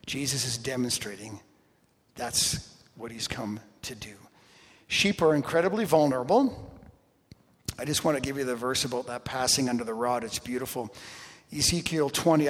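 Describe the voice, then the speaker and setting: A man preaching a sermon to a congregation in a church, swinging from loud emphasis to hushed, quiet phrases. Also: medium pitch, lively intonation, moderate pace, breathy edge. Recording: long hall reverb.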